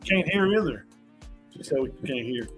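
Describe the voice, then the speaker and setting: A man's voice: mid-range voice, expressive, normal speed, faint music behind. A man guest chatting casually, teasing and laid-back, sometimes stammering. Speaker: guest player. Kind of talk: casual chat.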